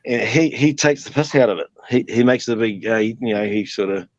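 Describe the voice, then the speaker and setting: A New Zealand man rambles through a casual live-stream chat, laughing often and swearing without a second thought. His voice sits at a middling pitch. It comes through a video call that sounds dry and a little muffled. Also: fairly quick, no room sound. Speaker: guest.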